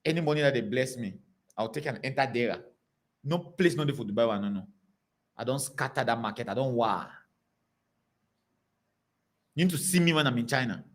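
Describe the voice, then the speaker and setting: A man preaching to a congregation, telling stories in an animated, repetitive way. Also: medium pitch, a little fast, long pauses. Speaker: pastor.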